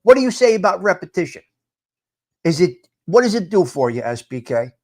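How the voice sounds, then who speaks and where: An older man hosting a live morning talk stream. He talks loudly and emphatically, greets chat viewers by name and repeats his points for effect. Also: high voice, very animated, a little fast. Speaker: livestream host.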